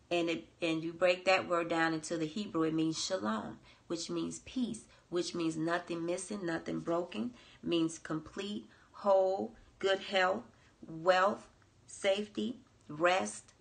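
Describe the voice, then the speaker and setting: Earnest woman with a gravelly voice. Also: on the low side. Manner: earnest, repeats phrases for emphasis. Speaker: coach and podcast host. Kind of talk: devotional Bible teaching.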